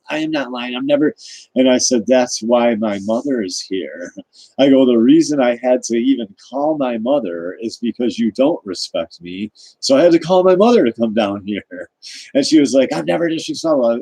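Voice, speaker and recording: A man talks straight into the camera in a rambling, indignant rant, circling back and restarting his sentences. His voice is mellow and a little dark. It is recorded dry and close, with no room sound. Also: medium pitch, no room sound, poor audio. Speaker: vlogger. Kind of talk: ranting personal monologue.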